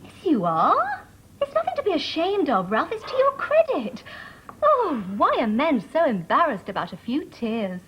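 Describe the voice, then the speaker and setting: An actress playing a teasing, reproachful middle-aged wife with a dry wit in a 1990s studio sitcom. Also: female voice, high-pitched, wildly swooping pitch, normal speed, slight background noise. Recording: dull broadcast sound, loud audience laughter.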